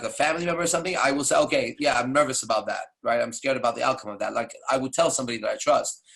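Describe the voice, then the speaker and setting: A man's voice: medium pitch, fairly bright tone. A man talking in a casual monologue as a dating coach, blunt and profane, dropping "right?" and "okay?" after nearly every point. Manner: frequent tag questions like "right?" and "okay?".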